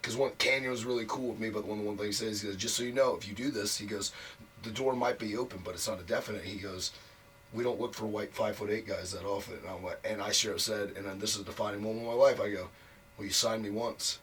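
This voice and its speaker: Fast and a bit bright, with a lowish, steady voice, this wrestler guest recounts a long career story in an interview, blunt, profane and full of "like" fillers. The recording is distant and slightly off mic, with faint noise.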